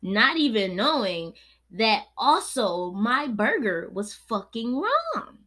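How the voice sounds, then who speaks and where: A woman's voice: a little high, sing-song, slow, a bit bright. Host, woman in her late twenties, casual profane storyteller, laid-back one moment and heated the next. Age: 20s. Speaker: podcast host.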